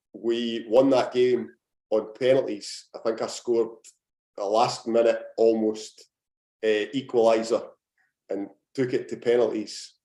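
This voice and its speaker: A man's voice: mid-range voice, mellow. A young Scottish man, a podcast guest and former footballer, telling rambling anecdotes in casual chat with lots of fillers. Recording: roomy echo.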